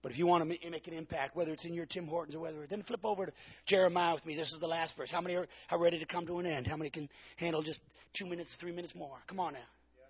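A man preaching a Pentecostal sermon, shouting at the peaks and calling out to the congregation for answers. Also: fairly high pitch, steady tone, racing, breathy edge, dull audio. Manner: preaches with rising shouts and call-and-response. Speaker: pastor.

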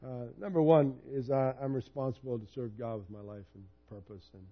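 A man's voice: mid-range voice, fairly quick, dull audio. A man in his fifties preaching a sermon in a personal, conversational storytelling way. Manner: conversational, personal storytelling, animated when retelling. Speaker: pastor.

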